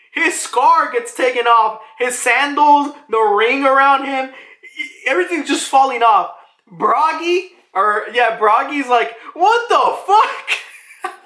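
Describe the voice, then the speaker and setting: A man casually reviewing a comic chapter, excitable and swearing often. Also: extremely high pitch. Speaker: manga reviewer. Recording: roomy echo.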